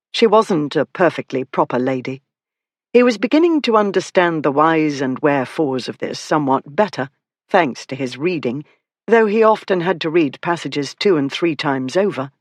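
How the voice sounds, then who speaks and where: An audiobook narrator with a steady, mid-pitched storytelling read. The recording is close and dry, with no room sound at all. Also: no room sound. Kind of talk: scripted narration.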